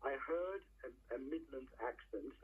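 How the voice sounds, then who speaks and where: A man's voice: medium pitch, unhurried, slightly rough. A middle-aged man from England calling in to a phone-in show, talking in long, rambling stretches and searching for words. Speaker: caller. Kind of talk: phone-in call. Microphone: telephone. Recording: tinny phone line.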